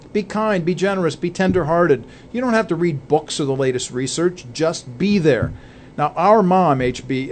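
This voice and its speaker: Earnest preacherly man, higher voice. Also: a little mellow, slight background noise. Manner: earnest, preacherly, lists points. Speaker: co-host of a Christian talk show. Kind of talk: conversational faith talk.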